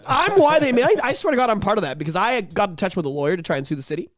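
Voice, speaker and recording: Podcast co-host: man, thirties, rapid high delivery, crude storyteller, dry close sound. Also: dry recording. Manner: animated, profane, breaks into shouted bits.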